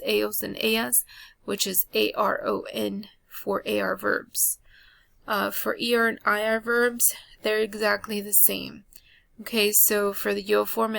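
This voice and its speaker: Slow, flat-voiced woman teaching Spanish grammar. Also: mid-range voice, creaky, dry recording. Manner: slow, flat delivery with frequent ums and uhs. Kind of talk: recorded classroom lesson.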